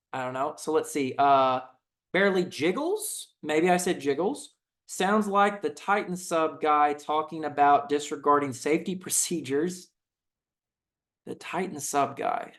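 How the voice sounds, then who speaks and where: A man's voice: fairly high pitch, measured pace, a bit bright. A young man with a Southern twang, chatting loosely as a video host, full of fillers and restarts while he reacts to comments. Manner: rambling, laid-back, many fillers and restarts. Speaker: channel host.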